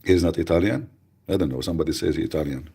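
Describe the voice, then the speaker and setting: A man hosting a live radio show, chatting casually with mocking, rambling, deadpan asides. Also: sits low, fast, gravelly, breathy edge. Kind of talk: casual joking livestream chat.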